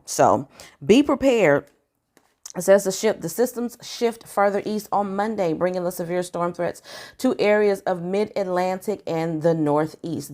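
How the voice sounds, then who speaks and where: Woman vlogger, low and gravelly, casual chatty read-through of news items for viewers. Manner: chatty, conversational, addresses viewers directly. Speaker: vlogger giving news updates. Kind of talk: casual vlog chat, reading articles aloud. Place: home in California.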